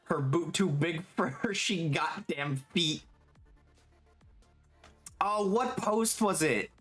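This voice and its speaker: A live streamer chatting casually while working, reading chat aloud, swearing freely and quick to get excited and laugh. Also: medium pitch. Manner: gets excitable and laughs easily. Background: faint background music.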